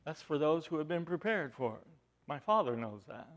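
A man quoting a calm, grave male teacher in a low, quiet, measured voice during a sermon. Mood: solemn.

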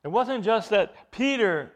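High, animated male preacher. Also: a little slow. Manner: emphatic, rising to loud bursts. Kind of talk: expository sermon.

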